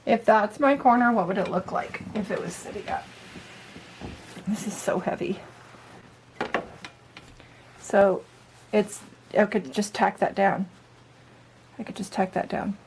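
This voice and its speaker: Woman, DIY vlogger, chatty, thinking aloud, upbeat, mid-pitched, faint background hiss. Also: measured pace, pauses often, poor audio. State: out of breath at times. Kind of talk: casual talk-through while working. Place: camper interior.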